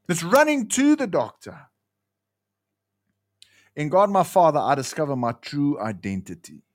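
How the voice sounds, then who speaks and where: A man preaching a sermon with emphatic delivery that rises high and drops low. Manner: emphatic, pitch swinging between highs and lows.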